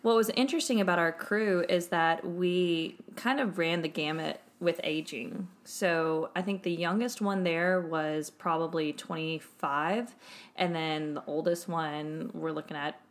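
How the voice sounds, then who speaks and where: A woman's voice: on the low side, unhurried. Chatty woman telling a story. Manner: chatty, animated, laughs through the funny parts. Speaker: podcast co-host and English teacher. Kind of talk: casual chat, storytelling.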